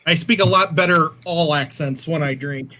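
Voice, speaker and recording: Bright, higher-pitched giggly male guest. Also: moderate pace. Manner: giggly, scattered, chatty. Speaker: livestream guest. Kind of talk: casual livestream chat.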